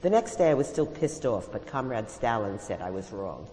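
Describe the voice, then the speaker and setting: A woman's voice: extremely low pitch, very animated, normal speed, hardly any pauses, warm tone, in a large hall, a little hiss or hum, low-quality recording. Wry woman reading her own stories. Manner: wry, confiding first-person storytelling. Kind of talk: reading aloud at an event.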